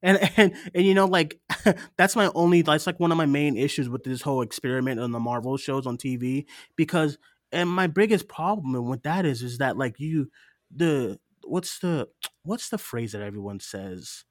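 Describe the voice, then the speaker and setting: In a casual review on a podcast, a male co-host talks loosely, filling gaps with ums and frequent laughs. He has a medium pitch and normal speed, in clean studio sound with no echo.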